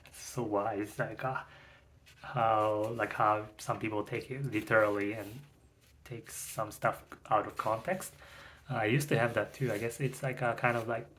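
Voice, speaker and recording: A young man who is not a native English speaker, reading a book aloud slowly and correcting his slips, then reflecting casually with many fillers. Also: fairly low pitch, steady tone, fairly bright tone, recorded from a distance, slight background noise. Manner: careful, slow reading with self-corrections; rambling with many fillers when speaking freely. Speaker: self-recording reader practicing English.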